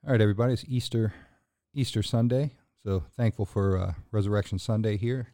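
A man's voice: lowish voice, fairly even intonation, brisk, dark tone. A man hosting a sermon-style podcast, talking earnestly in a casual way with fillers, then building to emphatic, preacherly bursts. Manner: casual fillers and restarts between points. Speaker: podcast host.

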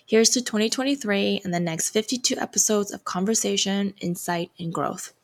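A woman's voice: mid-range voice, moderate pace. A woman in her twenties hosting her own podcast, reading a reflective solo intro with a slightly hesitant delivery. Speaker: podcast host.

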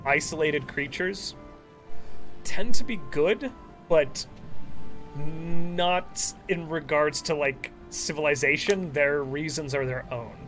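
A man's voice: takes it slowly, soft background music. A man narrating vividly as game master of a tabletop game. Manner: vivid descriptive narration with lively pitch.

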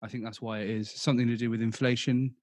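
A man's voice: medium pitch, flat delivery, darkish tone, no room sound. A man with a southern English accent co-hosting a podcast in casual, jokey banter. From southern England. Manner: jokey, quick to laugh, banter. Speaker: podcast co-host.

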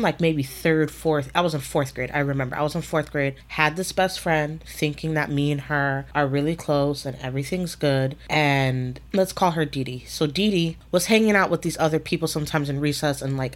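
Podcast co-host, woman, low voice, chatty and animated storyteller. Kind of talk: casual storytelling chat.

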